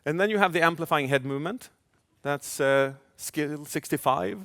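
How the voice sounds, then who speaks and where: A man speaking as a communication coach in a live keynote, animated, asking the audience questions and acting out inner voices. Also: a little high, normal speed, vocal fry. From Sweden. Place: large event hall. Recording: long hall reverb.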